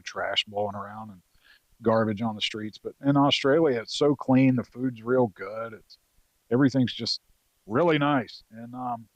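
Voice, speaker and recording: As a guest on a podcast, a roughly forty-year-old Marine veteran from North Carolina casually recounts a story from his service days. He's loose and profane, rambling with many fillers, in a voice of middling pitch. The recording sounds dry and close, with hardly any room echo.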